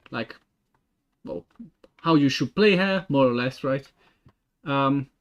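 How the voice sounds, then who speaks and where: A young man with an Italian accent, a game developer thinking aloud while he works, halting with many fillers and restarts. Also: mid-range voice. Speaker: game developer streaming his work. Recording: dull lo-fi stream audio.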